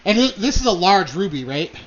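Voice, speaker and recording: A man's voice: high-pitched, big pitch swings, brisk, fairly bright tone, muffled recording. A man narrating a tabletop role-play as game master, hesitant and full of fillers.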